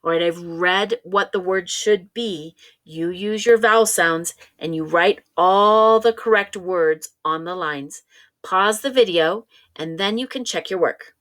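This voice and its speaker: A woman giving a children's phonics lesson at a very unhurried pace, drawing out each sound so a small child can follow. Her voice sits a little low for a woman, and she keeps her tone patient and encouraging throughout. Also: a bit bright. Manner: slow, stretched-out sounding of words and vowels; patient, encouraging, talking straight to a young child. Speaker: reading teacher.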